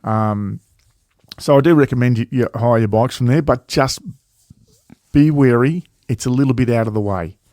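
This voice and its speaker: A man's voice: medium pitch, normal speed, mellow, dry recording. Brief: male co-host, casual rambling chat, swears, lots of ums, dry close sound. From Australia. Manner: rambling, swears freely, many fillers and restarts. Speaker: travel vlog co-host.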